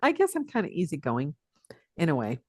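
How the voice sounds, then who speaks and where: A woman's voice: deep voice, wildly swooping pitch, a little fast, dry recording, clean studio sound. An older woman from the Pacific Northwest, a teacher guesting on a podcast, talking reflectively and chuckling often as she tells stories. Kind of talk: casual interview conversation.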